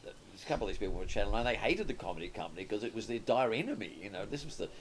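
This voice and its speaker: Very fast and expressive, a fairly low-voiced Australian man in his sixties talks over slight background noise. As a comedy writer and producer guesting in a casual interview, he tells rambling stories that keep circling back to fresh starts.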